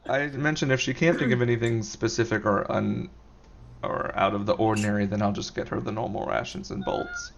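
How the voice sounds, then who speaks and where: A man playing a tabletop role-playing game, talking hesitantly and filling his sentences with fillers. His voice has a gravelly fry. The recording sounds dull and lo-fi. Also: lowish voice, wildly swooping pitch, brisk, slight background noise. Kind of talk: casual tabletop role-play chat.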